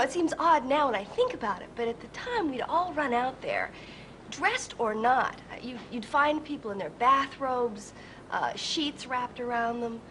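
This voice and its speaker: A woman telling a lively anecdote in a documentary interview. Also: sits high, a little hiss or hum, rough recording. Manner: lively storytelling. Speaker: interviewee recalling childhood.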